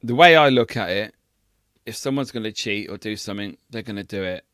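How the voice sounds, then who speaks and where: A man's voice: on the low side, fairly quick, fairly bright tone, clean tone, no echo, studio quality. A man co-hosting a podcast, bantering with laughter and swearing. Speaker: podcast co-host. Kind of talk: casual chat.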